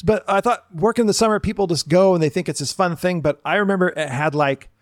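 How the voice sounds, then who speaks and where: A middle-aged man with a fairly high voice chats on a podcast, telling lively stories and slipping into the voices of the people he describes. The recording is close and dry, with no room sound. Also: quick pace, no echo. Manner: animated storyteller, acts out quoted people. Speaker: podcast co-host. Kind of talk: casual chat.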